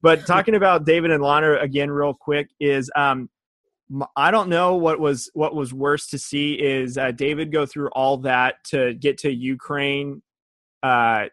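A man's voice: on the high side, steady tone, a little slow, fairly bright tone, dry recording. Laughing male podcast co-host, dry close mic. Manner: laughs often, acts out quotes. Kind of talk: casual chat.

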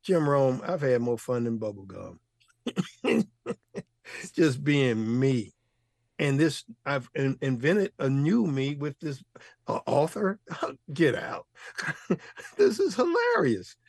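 A man's voice: medium pitch, animated, takes it slowly, vocal fry, pauses often, darkish tone, dry recording, studio quality. An older man, a guest author, telling stories with exuberant energy, laughing often and using playful slang. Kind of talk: animated storytelling interview.

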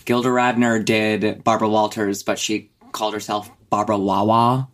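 A woman's voice: rumbling low, flat delivery, moderate pace. A young woman co-hosting a podcast from a bedroom, chatting casually, rambling and swearing with frequent laughs. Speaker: podcast co-host. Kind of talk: casual chat. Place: home bedroom with a radiator.

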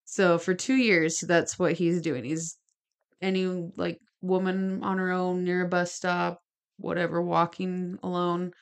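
A woman's voice: on the low side, vocal fry, clean tone. A woman co-hosting a podcast, telling a true-crime story from her notes with chatty asides. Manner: gestures while talking. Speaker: podcast co-host.

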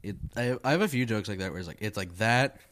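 A man's voice: lowish voice, fast, fairly bright tone, slight background noise. A young adult man, a stand-up comedian, chatting casually in a profane, rambling way and laughing often. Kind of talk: casual podcast chat.

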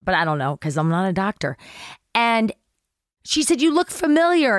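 Woman, middle-aged, podcast guest, animated storyteller, acts out quotes, dry close mic. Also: medium pitch, moderate pace, no room sound. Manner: animated storyteller acting out quotes, swears casually. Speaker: actress guest. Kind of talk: casual anecdote telling.

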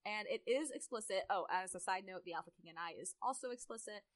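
A woman's voice: medium pitch, fast talker, no room sound, low-quality recording. A young woman co-hosting a casual podcast chat, laughing often and talking with many fillers. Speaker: podcast co-host. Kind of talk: casual chat and reading fanfiction aloud.

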